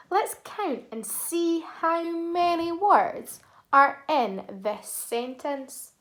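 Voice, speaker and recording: Slow, high-voiced teacher coaching young children. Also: female voice, animated, a bit bright. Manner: slow, encouraging, speaks to children with pauses for repetition. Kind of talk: phonics lesson for young children.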